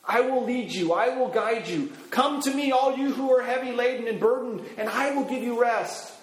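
Preacher voicing Jesus, measured and inviting, light pitch, room echo. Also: male voice. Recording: echoey room.

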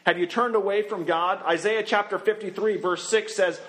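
High-voiced man preaching a sermon. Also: fairly even intonation, a bit bright. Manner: earnest preaching, slowing and dropping low on scripture endings. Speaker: pastor.

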